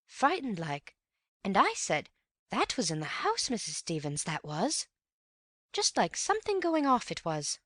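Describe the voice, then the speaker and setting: A woman voicing a nervous young housemaid who answers in quick, respectful replies. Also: mid-range voice, huge pitch swings, fairly bright tone, dry recording, studio quality, voice pushed up, exaggerated voice. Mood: flustered.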